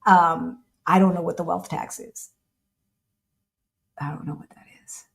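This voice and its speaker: A woman's voice: lowish voice, steady tone, unhurried, gravelly. An American woman hosting a casual livestream with her partner, chatting and answering viewer questions. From United States. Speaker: co-host of a livestream.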